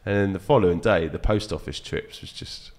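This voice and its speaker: A man, a dart reviewer guest, chatting casually on a podcast and telling animated stories with frequent laughs and fillers. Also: low voice, fairly quick. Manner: animated storyteller, laughs often, lots of fillers.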